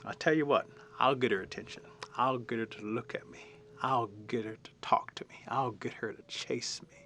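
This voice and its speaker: Cocky small bug, played by a male storyteller; brassy, bright, swaggering. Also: medium pitch, brisk, a little hiss or hum, lightly acted. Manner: boastful, teasing. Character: cocky little male mud dauber insect.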